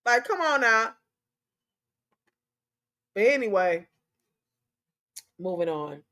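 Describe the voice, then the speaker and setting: Impassioned preachy woman host, high voice. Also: sing-song, slow pace, pushed and bright. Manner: preachy, impassioned, repeats herself. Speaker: talk show host. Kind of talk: emotional commentary on a news story.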